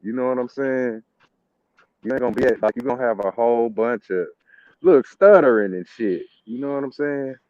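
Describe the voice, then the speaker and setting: A man's voice: mid-range voice, normal speed, no room sound. Rambling slangy man, dull lo-fi sound. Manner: loose, rambling street slang with laughs. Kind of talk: casual chat.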